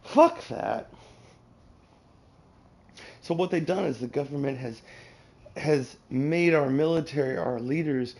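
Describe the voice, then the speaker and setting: A man's voice: mid-range voice, takes it slowly, creaky, pauses often. A man chatting casually while streaming a game, rambling and swearing as he gives advice. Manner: profane, rambling, advice-giving.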